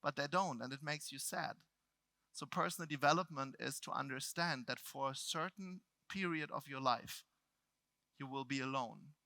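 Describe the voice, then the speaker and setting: A middle-aged man from Germany with a German accent, telling a personal story to a live seminar audience. He swings between loud outbursts and quiet reflection. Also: mid-range voice, normal speed, dry recording. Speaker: motivational speaker.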